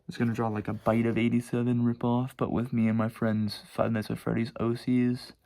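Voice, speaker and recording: A man's voice: mid-range voice, completely flat delivery, a little fast, dark tone. A teenage boy casually rambling about his own sketchbooks at home, swearing and mocking himself. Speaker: vlogger showing his sketchbooks. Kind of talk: casual chat.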